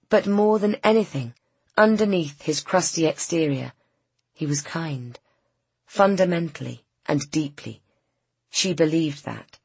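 Woman, audiobook narrator, low voice, husky, breathy, dry close recording, calm storytelling. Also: dry recording. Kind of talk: scripted narration.

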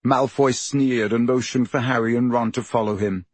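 A man narrating a storybook in a steady, measured reading. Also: medium pitch, dry recording. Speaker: audiobook narrator.

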